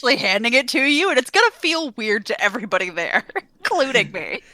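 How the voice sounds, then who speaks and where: Bright, chatty woman co-host. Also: a little high, sing-song, a little fast, no room sound. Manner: chatty, filler-heavy, giggly. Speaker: podcast co-host. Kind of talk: casual podcast chat.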